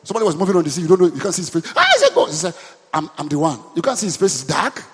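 A pastor preaches a sermon in call-and-response style, repeatedly throwing questions at his congregation and urging them to answer back. His voice is on the high side, slightly rough and fairly bright, with lively intonation and a racing pace. Long hall reverb surrounds him.

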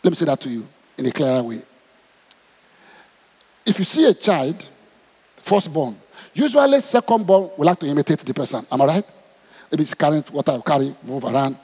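A man's voice: on the high side, normal speed, pauses often, breathy edge. A man with a Nigerian accent preaching a sermon, asking his congregation question after question. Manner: animated, asks the crowd questions. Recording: long hall reverb.

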